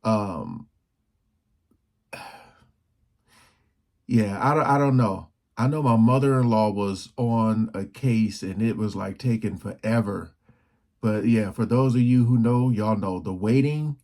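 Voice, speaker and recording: A man hosting a reaction video, making relaxed, chatty comments in casual talk. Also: on the low side, takes it slowly, long pauses.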